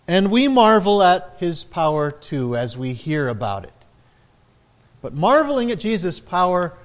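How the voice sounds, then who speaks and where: A male pastor delivering a sermon at a deliberate, unhurried pace. His voice sits a little higher than most men's, and he lifts it for the dramatic quoted lines. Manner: slow, measured preaching with dramatic quoted lines.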